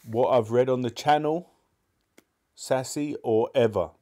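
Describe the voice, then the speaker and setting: A man's voice: mid-range voice, unhurried, dark tone. A man reading a children's novel aloud on a live stream, breaking off for chatty, appreciative asides to his viewers. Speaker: live-stream book club reader.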